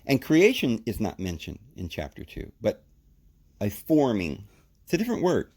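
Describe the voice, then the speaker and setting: A man giving podcast Bible teaching, explaining in an animated, emphatic way in short spoken phrases with sudden jumps in pitch. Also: moderate pace, husky.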